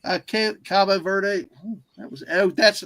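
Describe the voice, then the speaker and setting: A man hosts a casual livestream in a rambling, easily distracted way. His voice is high and bright. The sound is dry and close. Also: fairly even intonation, measured pace, dry recording. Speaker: livestream host.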